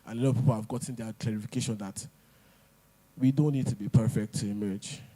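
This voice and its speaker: A man's voice: mid-range voice, steady tone, fast talker, warm tone. A man giving a motivational talk at an event, emphatic and repeating his points. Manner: emphatic, repeats lines, pidgin asides. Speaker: speaker.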